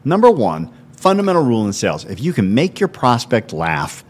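A man's voice: medium pitch, huge pitch swings, fairly quick, husky. A man co-hosting a podcast and explaining sales strategies in a coaching manner. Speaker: podcast co-host. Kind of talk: casual business podcast chat.

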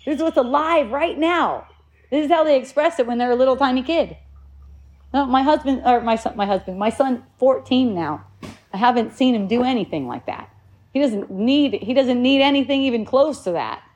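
A woman in her forties telling a story casually, animated, laughing often and restarting her sentences. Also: a little high, a little fast. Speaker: parent sharing a story.

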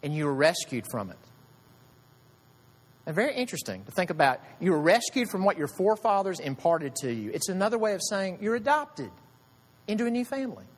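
Male pastor, lively swooping pitch, slightly high voice, sermon in a reverberant church hall. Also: fairly quick. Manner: conversational preaching with rhetorical questions.

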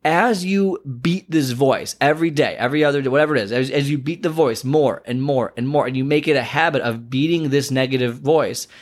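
A man's voice: mid-range voice, fairly quick, hardly any pauses. A man who works as a fitness trainer and coach, giving an earnest motivational talk full of emphatic repetition.

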